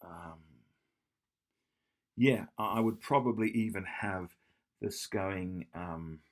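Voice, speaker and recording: A man's voice: low voice, takes it slowly. A man tutoring math, walking through an exam question while he draws, thinking aloud, correcting himself and checking in with "yeah?". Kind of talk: whiteboard exam walkthrough.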